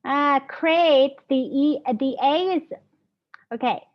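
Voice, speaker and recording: A woman's voice: high voice, takes it slowly. A woman teacher leading a phonics lesson, patiently sounding out words and praising her students. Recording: dull lo-fi classroom audio.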